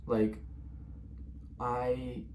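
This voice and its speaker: A man's voice: medium pitch, level tone, extremely slow, highs cut off, a little hiss or hum. A young man telling his personal testimony in a casual, rambling way, filling his talk with "like" and "bro". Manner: rambling, many fillers like "like" and "bro". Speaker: testimony speaker.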